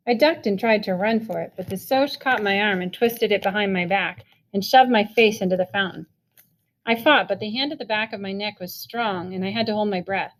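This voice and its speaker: A woman's voice: medium pitch, normal speed. Woman reading a novel aloud. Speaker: reader.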